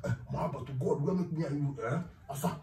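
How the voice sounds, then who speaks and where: A man's voice: on the high side, fast, gravelly, warm tone. An actor playing a bossy, mocking village man who scolds and keeps asking "eh?". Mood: scolding. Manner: scolding, repeating "eh?". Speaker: actor in a comedy skit. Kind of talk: skit acting. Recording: echoey room, distant mic, noisy.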